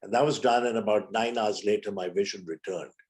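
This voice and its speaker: A man's voice: on the low side, brisk, a little mellow. A man in his seventies from India, a physician and guest on an interview, telling stories and acting out the dialogue. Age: 70s. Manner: vivid storyteller who acts out quoted dialogue. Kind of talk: storytelling in a conversational interview.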